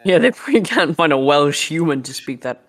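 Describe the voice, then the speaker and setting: A man's voice: on the high side, expressive, fairly quick, fairly bright tone. A young man co-hosting a casual podcast chat, rambling with lots of fillers and laughing. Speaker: podcast co-host.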